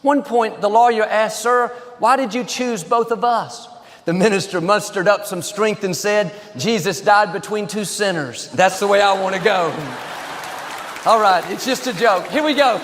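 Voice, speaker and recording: A man, a pastor opening his sermon with lighthearted jokes, told with upbeat timing and pauses. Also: high voice, a bit bright. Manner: upbeat joke-telling with pauses. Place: large church auditorium. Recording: live hall with long reverb.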